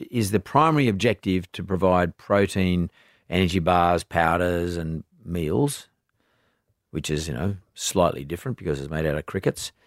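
A man's voice: low voice, dry recording. A man hosting a podcast interview, asking curious, probing questions into a close studio mic. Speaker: podcast host. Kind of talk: interview chat.

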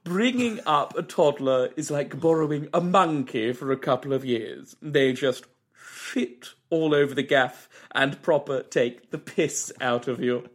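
A man puts on a pompous old theatre critic who lives in the walls and savours a good murder. He speaks slowly and grandly, with a slightly raised pitch. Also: lightly acted. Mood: grandiose. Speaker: comedy podcast co-host.

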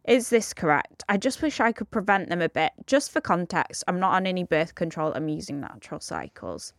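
A woman's voice: on the low side, sing-song, brisk, no echo, clean studio sound. A young woman co-hosting a podcast, chatting casually, reading listener messages and swearing freely. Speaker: podcast co-host.

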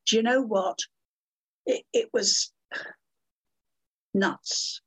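An older woman telling lively anecdotes as an interview guest, theatrical and calling people dear and my love. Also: mid-range voice, very slow, slightly rough.

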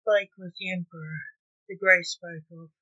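A woman's voice: fairly low pitch, steady tone, moderate pace, sharp tone, no echo, highs cut off. A woman, the author, reading her own story aloud and giving the characters voices. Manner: reads narration and does character voices. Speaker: author and narrator.

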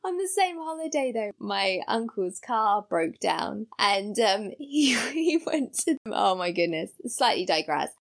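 Gravelly-voiced woman telling ghost stories. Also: mid-range voice, unhurried, few pauses. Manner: animated storyteller, laughs mid-sentence, acts out voices. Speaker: podcast co-host. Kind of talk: casual storytelling chat.

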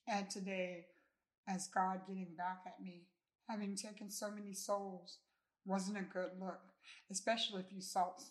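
A woman reading her own novel aloud in the first person, a relaxed and inviting storyteller. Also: medium pitch.

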